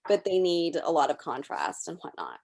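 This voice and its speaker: A woman presenting a workshop over a video call, explaining software step by step as she clicks through it. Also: low-pitched, huge pitch swings, moderate pace, vocal fry. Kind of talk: live software demonstration.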